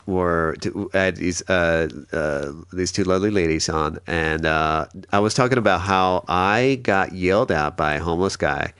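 A man's voice: sits low, normal speed, hardly any pauses, fairly bright tone, clean tone, no echo. A man hosting a casual podcast, telling a rambling story full of restarts and fillers. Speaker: podcast host. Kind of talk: casual chat.

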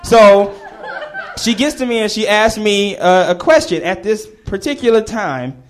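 Guy with a slightly high voice doing a lively comedy story for a crowd, laughs a lot, does the voices. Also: moderate pace. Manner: animated, laughing, acting out the voices of people in the story. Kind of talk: live comedic storytelling to an audience.

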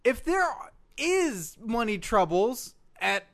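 High, lively exasperated podcast host. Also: male voice, slow pace. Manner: exasperated, stammering, mock-indignant. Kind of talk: comedy podcast banter.

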